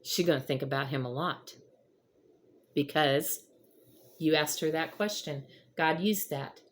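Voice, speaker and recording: A woman's voice: sits low, a little slow. A middle-aged woman hosting her own channel, telling a personal faith story to her viewers in an earnest, emotional way. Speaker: vlog host.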